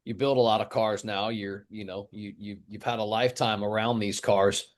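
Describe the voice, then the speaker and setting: A man's voice: lowish voice, fairly even intonation, moderate pace. A man hosting a podcast, asking a guest questions in an easygoing, loosely worded way. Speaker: podcast host. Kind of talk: interview questions.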